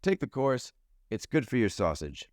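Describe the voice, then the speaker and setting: With a mid-range, darkish voice, this New Zealand man talks at a normal speed but is very animated as he hosts his solo podcast. A financial advisor, he's chatty and jokey and fond of food metaphors, recorded in clean studio sound without echo.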